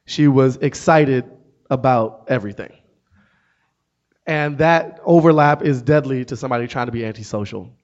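A man in his thirties, a comedian and author, telling a story to an audience with wry, deadpan asides. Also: medium pitch, moderate pace. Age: 30s. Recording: dull lo-fi sound.

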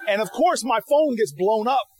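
A man with a high-pitched voice speaks to a live audience as a guest speaker. He tells stories with energy, stumbling and restarting his sentences, and mimics the people in his anecdotes. He sounds like he is speaking in an event hall. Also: normal speed. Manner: animated storyteller, frequent restarts; acts out quoted people. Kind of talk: answering audience questions.

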